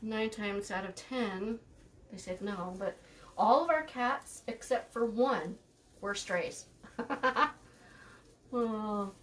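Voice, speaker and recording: A woman's voice: medium pitch, slow, pauses often. Chatty woman hosting a live craft tutorial. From United States. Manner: chatty, laughs easily, dry sarcasm; thanks viewers by name while working. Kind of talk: casual live craft demonstration.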